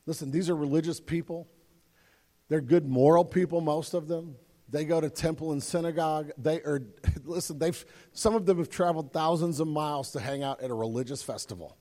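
A man's voice: fairly high pitch, mellow, in a large hall. A man preaching a sermon from a stage microphone in a church, earnest and emphatic, often repeating words as he builds. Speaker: pastor. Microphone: handheld or stage microphone.

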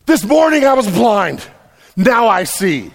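A man voicing a man healed of blindness, speaking loud and emphatic in a reverberant hall. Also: high voice, big pitch swings, slow pace, creaky, voice pushed up, full character voice. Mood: defiant. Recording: long reverb in a large hall.

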